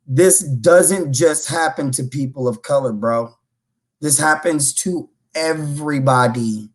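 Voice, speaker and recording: A man's voice: fairly high pitch, slow. A man co-hosting a podcast, chatting casually and reacting emphatically. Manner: emphatic, exclamatory. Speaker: podcast co-host. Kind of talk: casual chat.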